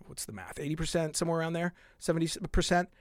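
A man with a high, bright-pitched voice rants on his podcast, worked up and exasperated, dropping into sighs and muttered asides between outbursts. The sound is close and dry. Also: expressive, quick pace, clear, resonant tone, no echo. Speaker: podcast host. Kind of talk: heated solo podcast rant.

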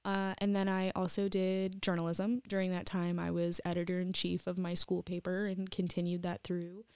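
Lively chatty woman podcast guest. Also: fairly low pitch, moderate pace, clean tone, dry recording. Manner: lively, chatty, laughs often. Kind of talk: casual interview chat. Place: home podcast studio.

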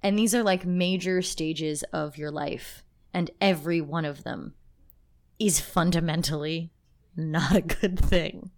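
A woman's voice: deep voice, measured pace, a little mellow. A woman co-hosting a podcast, talking in a casual, emotional and rambling way with many restarts. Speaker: podcast co-host. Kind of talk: casual chat.

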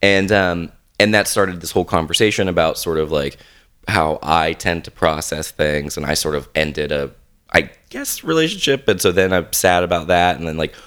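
A very deep-voiced man hosting a casual podcast, a little sick and coughing now and then. His talk is playful and animated, jumping up in pitch when he gets excited. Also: moderate pace, clear, resonant tone. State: under the weather, coughing. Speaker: podcast host.

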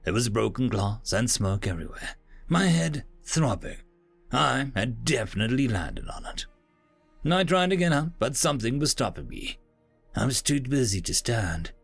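Lively male story narrator, dry sound. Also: medium pitch, normal speed, vocal fry, husky, no echo, soft background music. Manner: lively, expressive first-person telling. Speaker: audiobook narrator.

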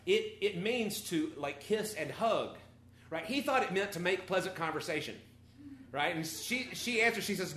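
Animated man preaching in echoey hall. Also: high voice, normal speed, a little hiss or hum. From Texas or Arkansas, USA. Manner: animated, conversational, rising and falling in volume. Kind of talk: sermon. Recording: echoey room.

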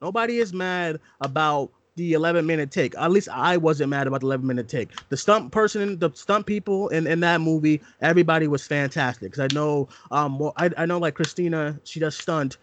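A man's voice: on the high side, brisk, hardly any pauses. A young man co-hosting a casual movie podcast, ranting emphatically and repeating "listen" to hold the floor. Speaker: podcast co-host.

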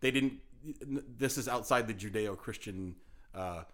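A man's voice: on the low side, normal speed, fairly bright tone. A man co-hosting a podcast in casual chat, joking, incredulous and rambling with many restarts. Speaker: podcast co-host.

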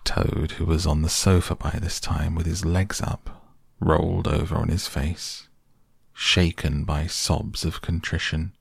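A man narrating a storybook reading in a measured, expressive way. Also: very deep voice, vocal fry, husky, no room sound, studio quality.

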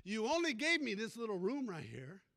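A male preacher voicing Jesus as a calm, patient helper in a sermon story, speaking softly and evenly. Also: high-pitched, creaky, exaggerated voice. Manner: calm, soft, measured.

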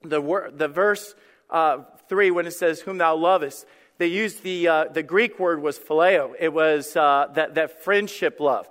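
Pastor guy with a high voice, fired up sermon, rising to big repeated lines, long echo of a church hall. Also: measured pace, a bit bright. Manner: impassioned, rising to emphatic preaching peaks with repeated phrases.

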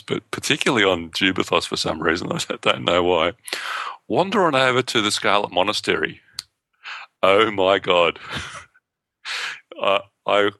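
A man's voice: low-pitched, pushed and bright, no echo. A man co-hosting a podcast, chatting enthusiastically with frequent laughs. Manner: enthusiastic, laughs often, quick asides. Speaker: podcast co-host. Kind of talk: casual chat.

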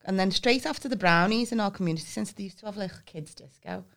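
A woman, trading quick teasing banter in a casual podcast chat. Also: medium pitch, a bit bright. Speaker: podcast co-host.

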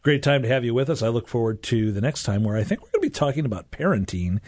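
A man's voice: medium pitch, lively intonation, quick pace, darkish tone, no echo. A man hosting a faith-based radio talk show from a studio, talking in an earnest, encouraging way.

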